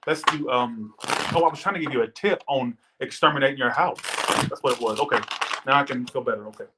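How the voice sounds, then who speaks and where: A man's voice: medium pitch, fast talker, heavy background noise. A man giving a casual live tarot reading, rambling and chatty, swearing now and then as he thanks viewers and tells stories. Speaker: tarot reader. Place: Las Vegas.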